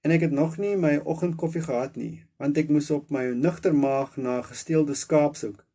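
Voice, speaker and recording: A man reading aloud voices a gruff, scolding police sergeant in a storybook. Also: a little high, normal speed, mellow. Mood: stern. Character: stern grumpy male police sergeant.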